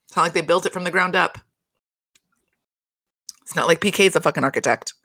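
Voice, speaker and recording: A woman's voice: lowish voice, a little fast, no room sound. Dry, close-miked woman chatting casually. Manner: rambling, expressive, swears and laughs often. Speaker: reality TV recap podcaster. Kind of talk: casual solo recap chat.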